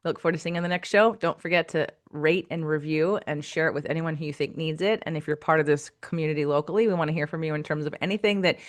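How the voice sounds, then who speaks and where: A woman's voice: low voice, steady tone, fast talker, hardly any pauses. A woman co-hosting a podcast as a business coach, talking candidly and with animation, swearing freely. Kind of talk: casual podcast chat.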